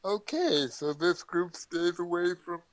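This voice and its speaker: Slow talking guy player, kinda high pitched and gravelly. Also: poor audio. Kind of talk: casual tabletop game chat.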